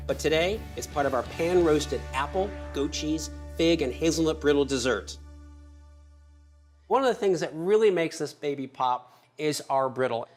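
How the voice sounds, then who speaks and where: A man hosting a cooking show as the chef, chatty and upbeat, talking viewers through each step in a kitchen. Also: a little high. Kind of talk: cooking demonstration.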